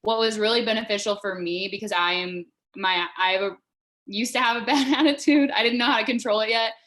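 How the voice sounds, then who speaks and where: A woman's voice: mid-range voice, brisk, fairly bright tone. Young woman, rambling with "like". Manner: rambling, heavy use of "like". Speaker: former player, panelist. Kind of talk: panel discussion.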